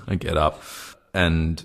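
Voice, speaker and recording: A man's voice: rumbling low, vocal fry. A young man co-hosting a comedy podcast, telling rambling anecdotes and laughing often. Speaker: podcast co-host. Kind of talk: casual comedy chat.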